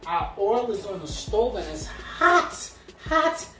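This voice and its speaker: A man's voice: high voice, big pitch swings, slow, sharp tone. A man hosting a casual cooking video, chatty and teasing as he walks through the frying steps. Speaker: cooking show host. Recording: echoey room, mic at a distance, faint music.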